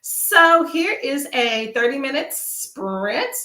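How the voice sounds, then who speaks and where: A woman's voice: high voice, expressive, takes it slowly, sharp tone, roomy sound. A woman from Texas hosting a casual live chat, chatty and upbeat as she reads out viewer comments. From Texas, USA. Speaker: livestream host. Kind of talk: casual live chat during reading sprints.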